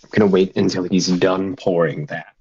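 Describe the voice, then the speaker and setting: A man playing his character in a tabletop game, speaking in a measured, formal way. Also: sits low, fairly even intonation, a little mellow, distant mic. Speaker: player. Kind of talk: in-character role-play. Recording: dull lo-fi recording.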